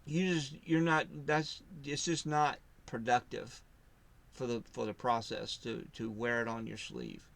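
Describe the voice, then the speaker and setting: A man in casual faith discussion, telling his story in a rambling way, restarting sentences and loudly acting out what others said. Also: mid-range voice, steady tone, measured pace, vocal fry. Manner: rambling, self-interrupting storyteller who acts out quotes loudly. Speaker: podcast co-host.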